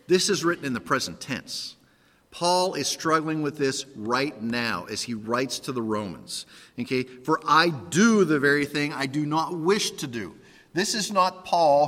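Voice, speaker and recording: A man's voice: on the high side, fairly bright tone, long reverb tail. A man preaching a sermon, reading scripture aloud and explaining it verse by verse.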